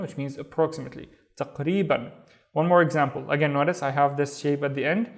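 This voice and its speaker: Brisk and fairly high-pitched, a man with a Saudi accent teaches a step-by-step Arabic reading lesson for beginners, patiently sounding out words and repeating them.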